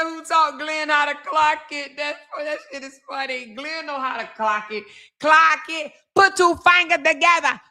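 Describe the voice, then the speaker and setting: A woman hosting a livestream, mocking and laughing loudly with heavy swearing. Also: high voice. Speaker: livestream commentary host. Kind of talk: profane comedic livestream commentary.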